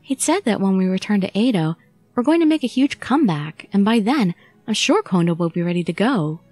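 A woman voicing an earnest young heroine who pleads in a high, urgent voice. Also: lively intonation, fairly quick, a little mellow, faint music behind, lightly acted.

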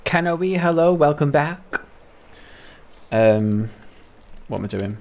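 A British man live-streaming a video game, talking to his chat in a loose, chatty way and laughing often. His voice is middling in pitch but swings up and down a lot. He jumps from greeting viewers to commenting on his own play. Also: animated, slow pace, a little mellow. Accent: British English. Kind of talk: casual live-stream chat while playing.

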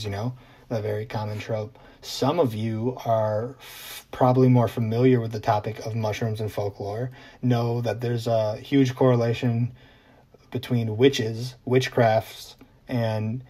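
Mellow-voiced chatty male vlog host. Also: medium pitch, husky. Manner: chatty and conversational, with frequent ums and asides. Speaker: journalist host. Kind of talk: casual explainer vlog.

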